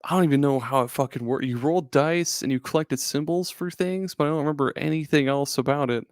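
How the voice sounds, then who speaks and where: A man's voice: a little high, fast talker, dry recording, clean studio sound. A man hosting a podcast in casual chat, rambling, swearing often and laughing a lot. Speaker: podcast host.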